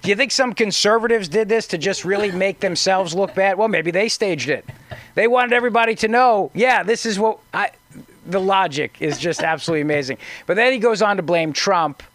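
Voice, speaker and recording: A man's voice: high-pitched, brisk, fairly bright tone. A man hosting a call-in talk radio show, giving sarcastic, mocking political commentary and often restarting his sentences.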